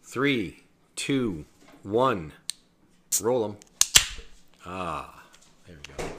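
A man's voice: on the low side, expressive, very slow, noisy background. Joking man co-hosting a podcast. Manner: joking, laughs often, trails off quietly. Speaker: podcast co-host. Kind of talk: casual chat.

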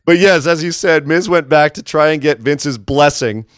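A man's voice: fairly high pitch, moderate pace, smooth, no echo, clean studio sound. A man co-hosting a podcast, chatting casually and animatedly about wrestling, often laughing and acting out quotes. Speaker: podcast co-host. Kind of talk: casual wrestling recap chat.

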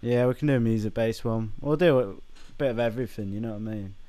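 A man's voice: medium pitch, fast talker, warm tone. Young man, easygoing, casual podcast chat. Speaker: podcast co-host. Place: home, remote call.

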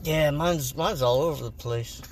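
Gravelly-voiced man in casual podcast banter. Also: a little high, a little slow, a little hiss or hum. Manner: joking, slips into loud goofy voices. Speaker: podcast co-host.

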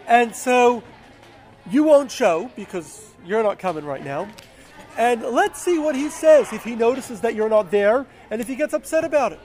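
A man doing a calm loyal young prince. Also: very high voice, moderate pace. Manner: calm, reassuring.

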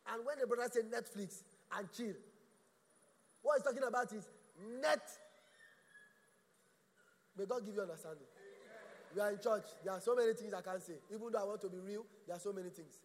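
A man's voice: high voice, fairly quick, pauses often. A man preaching a sermon in church. He asks rhetorical questions and stammers through restarts. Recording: echoey church hall.

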